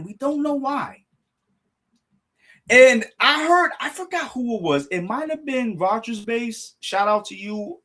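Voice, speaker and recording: Excitable man with a lively high voice. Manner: excitable, restarts and apologizes, addresses chat. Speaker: streamer reacting to a manga chapter. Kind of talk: live reaction stream chat.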